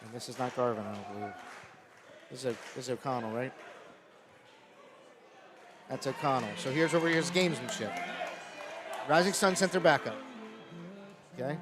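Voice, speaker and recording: A man giving live color commentary on a high school wrestling match, explaining tactics in a conversational way and getting excited at big moves. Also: normal speed, pauses often, over music. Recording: loud gym crowd and noise behind. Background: cheering crowd in a gym.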